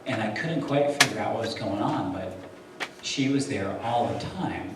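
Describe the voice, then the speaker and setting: A man's voice: medium pitch, moderate pace, very noisy. A man telling his own story in a casual, wry way. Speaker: speaker sharing his testimony. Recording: echoey room, distant mic.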